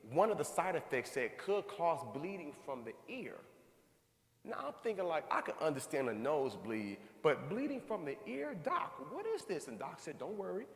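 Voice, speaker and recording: A man in his thirties tells a personal story to a crowd, acting out his own reactions with lively energy. His fairly high voice rings through a big hall with a long, echoing tail. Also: moderate pace. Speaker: speaker. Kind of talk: motivational talk to a live audience. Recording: echoey hall, long reverb.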